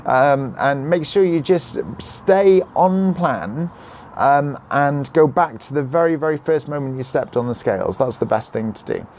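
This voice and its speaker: A young man chatting casually on a live stream, reading out viewer comments and answering questions in a slightly croaky voice. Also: on the high side, expressive, measured pace, darkish tone, a little hiss or hum. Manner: chatty, reads out comments, jokes and apologises. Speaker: vlogger answering live chat. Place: at home, neighbours nearby.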